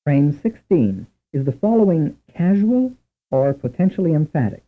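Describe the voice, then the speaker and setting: A man narrating a language lesson in a measured, lecturing way. His voice moves animatedly up and down as he sets out each drill. The recording is thin and phone-like. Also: fairly high pitch, very animated. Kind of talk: scripted instructional narration. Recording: tinny narrow-band recording.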